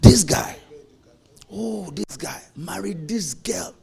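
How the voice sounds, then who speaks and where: A male pastor tells anecdotes in a playful sermon, often breaking into laughter. His voice sits high and swings widely, with a husky, gravelly texture. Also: slow pace, faint music behind. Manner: animated, playful, laughing preacher telling anecdotes. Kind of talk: storytelling sermon.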